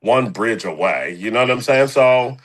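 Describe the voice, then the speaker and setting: A man's voice: medium pitch, expressive, moderate pace, poor audio. A young man from the Philadelphia area, a guest musician in a casual interview, rambling with slang and lots of fillers.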